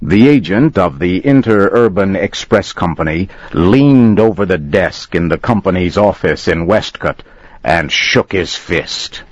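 A man reading a story aloud slowly and deliberately as narrator. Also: sits low, no room sound. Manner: slow, deliberate, expressive. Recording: dull lo-fi dry recording.

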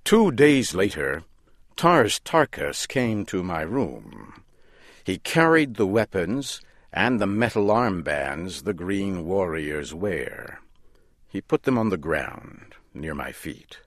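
A man reading a story aloud in a slow, measured and deliberate way, as the narrator. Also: low voice, very animated, no room sound, studio quality.

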